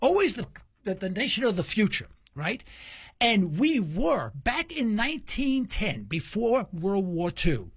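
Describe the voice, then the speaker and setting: A man's voice: sits high, measured pace, breathy edge, dry recording. A man hosting a talk radio show, telling stories casually and acting out the voices of the people in them. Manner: animated storyteller, acts out quoted dialogue.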